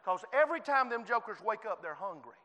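Guest preacher, man, very high bright voice, fervent delivery in a reverberant church. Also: sing-song, fairly quick. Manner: fervent, swings from soft to shouted. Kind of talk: sermon. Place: church sanctuary.

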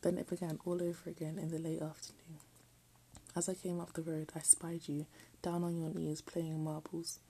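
A woman reading a text aloud in a soft, often half-whispered voice, breaking off for self-mocking jokes. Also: deep voice, flat delivery, moderate pace, gravelly, a little hiss or hum, poor audio. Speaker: reader.

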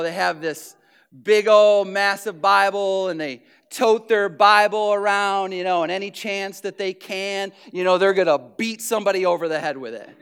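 A man delivers a sermon in a high, bright voice with a clear, ringing tone. He talks conversationally, often leans on "you know," and slips into mock voices to act out the people he describes. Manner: conversational, frequent "you know" fillers, acts out quoted voices. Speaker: preacher.

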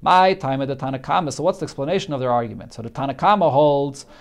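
A man's voice: mid-range voice, fast. Man teaching Talmud, phrase by phrase. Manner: reads a phrase, then explains it in English, with frequent restarts. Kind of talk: Talmud lesson, translating Hebrew and Aramaic phrase by phrase.

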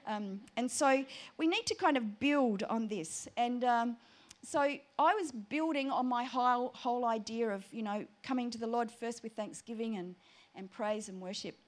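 A woman telling a personal prayer story in an animated, chatty sermon. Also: fairly high pitch, normal speed. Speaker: preacher.

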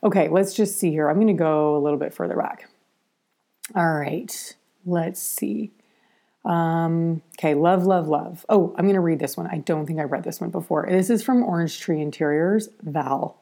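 Woman podcast host, low-pitched and warm; blunt, chatty, swears, lots of ums. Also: normal speed, vocal fry. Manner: candid and blunt, swears freely, chatty with many fillers. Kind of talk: casual podcast chat.

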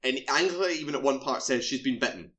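A man casually retelling a horror film's plot in a relaxed chat. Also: mid-range voice, fast talker. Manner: animated storytelling, swears casually. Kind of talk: casual film recap chat.

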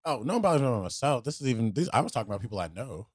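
A young man on a podcast, telling stories in a blunt, profane, animated way. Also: medium pitch, rapid-fire, husky, dry recording, studio quality. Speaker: podcast co-host. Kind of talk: casual chat.

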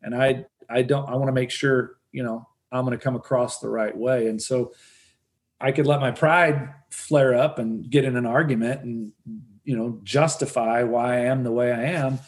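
A man's voice: mid-range voice, steady tone, normal speed. A middle-aged man talking earnestly in an interview, often repeating words as he starts a thought. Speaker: real estate investor guest. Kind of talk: conversational interview answer.

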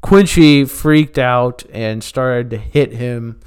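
A man hosting a podcast, telling rambling stories in a halting way and chuckling at them. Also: mid-range voice, darkish tone, clean tone. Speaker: podcast host. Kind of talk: casual storytelling podcast.

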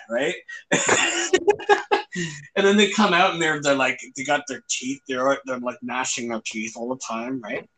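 A man's voice: mid-range voice, lively intonation, measured pace, vocal fry, bright, forceful tone. Foul-mouthed man retelling cartoon scenes. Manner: swears constantly, retells comedy scenes. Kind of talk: casual chat.

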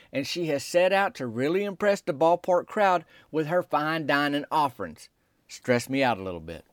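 A man tells a folksy comic tale in a drawling, deadpan manner. His voice sits a touch high for a man. The recording is close and dry, with no room sound. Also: dry recording. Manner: drawling Southern-style rural dialect, deadpan storytelling. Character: small-town softball player telling his tale. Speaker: storyteller.

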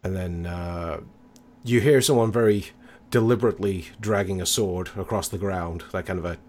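A man narrating as game master in a tabletop role-play, relaxed and hesitant with many fillers. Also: deep voice, normal speed, a little hiss or hum.

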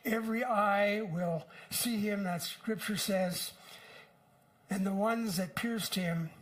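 An older man delivers a sermon with earnest conviction. His voice sits high for a man, and he preaches at an unhurried pace, pausing often between phrases. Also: fairly bright tone, poor audio. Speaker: pastor.

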